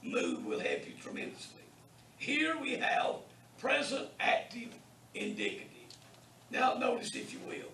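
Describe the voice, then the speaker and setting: A man teaching a beginners' Greek class at a Bible college. He speaks slowly and deliberately and pronounces each word for his students to repeat. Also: very high voice, sharp tone. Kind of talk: classroom lecture. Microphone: distant room mic. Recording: echoey classroom from far off, faint hiss.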